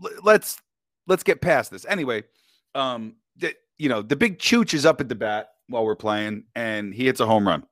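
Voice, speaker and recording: A man's voice: mid-range voice, expressive, moderate pace, a bit bright, no echo, studio quality. A man, a podcast guest, telling a story in casual chat, talking in slang and keeps asking "you know what I mean".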